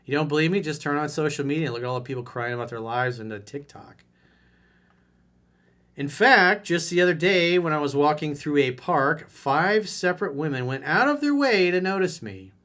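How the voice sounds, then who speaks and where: A man's voice: fairly high pitch, animated, moderate pace, fairly bright tone. A man who coaches people on dating, reading out a viewer letter and answering it in a blunt, mocking way.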